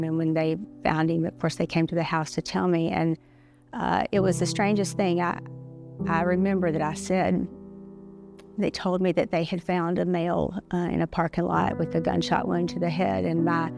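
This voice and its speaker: A middle-aged woman speaks low and in a flat, even tone with a gravelly edge. She tells her story haltingly, stopping and restarting often. Guitar music plays clearly beneath her voice. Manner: halting, many pauses and restarts. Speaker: interview guest. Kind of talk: personal story in an interview. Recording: music playing underneath.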